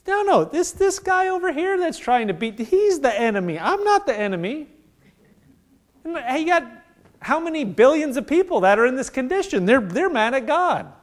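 A male pastor preaching a sermon in a conversational way, acting out little dialogues and dropping to hushed intensity. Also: very high-pitched, normal speed. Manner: animated preaching, acts out voices of God and people.

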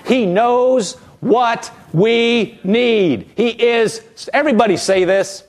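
A man preaching a sermon as pastor, lively and animated, acting out quotes from the people he talks about. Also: very high voice, takes it slowly, hardly any pauses.

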